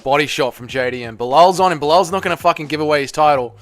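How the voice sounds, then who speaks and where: A young man hosting a live watch party, reacting loudly to a fight, swearing and shouting at the screen. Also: on the high side, fast, dry recording, faint music behind. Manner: excitable, swears a lot, yells at the screen.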